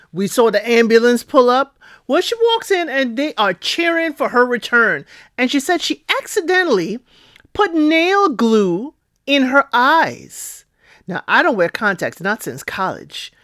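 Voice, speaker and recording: A woman recapping a reality show in a chatty, expressive way, often asking "okay?" and calling out to her listeners. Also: fairly high pitch, no echo, studio quality. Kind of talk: casual recap commentary.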